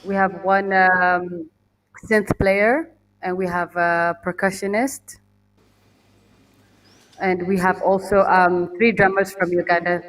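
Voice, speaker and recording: A woman's voice: lowish voice, flat delivery, slow pace, pauses often, a bit bright. A woman musician talking casually in a remote interview over a video call, chatty and laughing often. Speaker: guest musician. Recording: distant video call audio.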